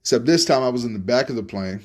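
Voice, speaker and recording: A young man from Florida telling a story in a relaxed, casual monologue, cursing freely and often repeating his words. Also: mid-range voice, fast. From Tampa, Florida. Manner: laid-back, profane, repeats himself. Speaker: podcast host telling stories.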